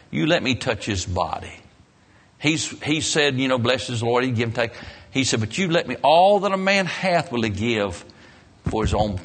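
A man preaching a sermon, telling the story dramatically with emphatic rises and soft, low endings. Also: husky.

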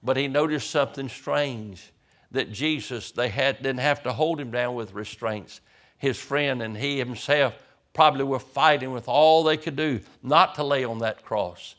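A man's voice: medium pitch, unhurried, a bit bright. A man, a pastor, preaching a sermon as vivid storytelling, often stammering over the first words of a sentence.

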